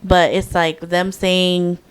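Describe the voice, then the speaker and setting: A woman's voice: fairly low pitch, level tone, slow, smooth. A young woman co-hosting a casual podcast, telling stories reflectively with lots of "like" fillers. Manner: reflective storyteller, frequent "like" fillers. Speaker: podcast co-host.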